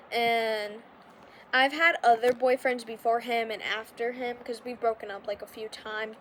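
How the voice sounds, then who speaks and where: A woman's voice: on the high side, a little hiss or hum. A young woman hosting a podcast, talking casually and rambling with lots of filler words and restarts. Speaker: podcast host. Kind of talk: casual confessional monologue.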